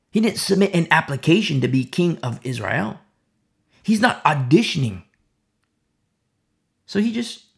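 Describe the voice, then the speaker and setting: Gravelly, emphatic male Bible teacher. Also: on the high side. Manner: emphatic, repeats rhetorical questions, drops to whispers. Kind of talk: sermon-style Bible study.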